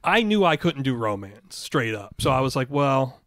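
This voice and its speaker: A man co-hosting a comedy podcast from a home setup, chatting in casual banter, excitable, laughing a lot and swearing freely. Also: mid-range voice, normal speed, no echo, studio quality. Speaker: podcast co-host. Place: home studio at co-host's house.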